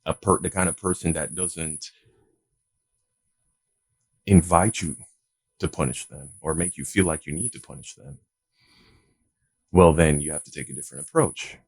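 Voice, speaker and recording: A young adult man giving casual parenting advice to his viewers, animated, swearing freely and calling them bro. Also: low-pitched, moderate pace, long pauses.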